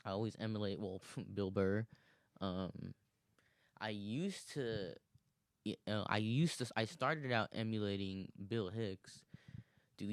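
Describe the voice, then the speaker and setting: A young man in his twenties with a lowish voice talks alone into the mic in a loose, rambling way, swearing freely and laughing at himself. The recording is close and dry, with almost no room sound. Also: dry recording. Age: 20s. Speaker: podcast host. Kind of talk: casual solo monologue.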